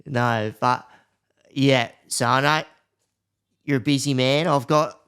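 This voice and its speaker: A man's voice: medium pitch, steady tone, slow, a bit bright, clear, resonant tone. A man hosts a podcast and asks loose, friendly questions in a casual interview. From Australia. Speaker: podcast host.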